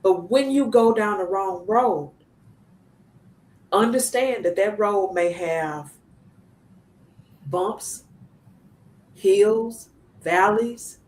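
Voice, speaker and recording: A woman's voice: medium pitch, extremely slow, pauses often, darkish tone, echoey room. A woman hosting a women's gathering, giving an impassioned, preachy testimony that repeats lines for emphasis. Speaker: host of a women's online gathering. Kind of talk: spirit-led testimony to a group.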